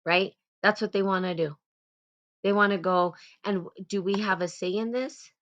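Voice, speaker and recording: A woman hosting a casual live talk, blunt and animated, swearing freely as she calls people out. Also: mid-range voice, normal speed, dull audio. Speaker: host.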